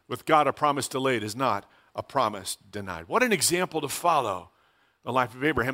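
A man's voice: medium pitch, bright, forceful tone. A middle-aged man preaching a sermon in a conversational way, asking rhetorical questions and repeating key phrases. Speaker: pastor.

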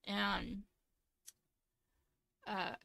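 A woman's voice: mid-range voice, little pitch movement, very slow, vocal fry, sharp tone, dry recording. A woman co-hosting a podcast, chatting casually, laughing often and reading sponsor copy with some stumbles. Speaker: podcast co-host. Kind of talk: casual chat with a read sponsor ad.

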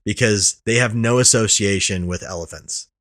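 A man's voice: lowish voice, moderate pace, a bit bright. A young man co-hosting a podcast, telling stories in casual chat, laughing often and swearing. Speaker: podcast co-host.

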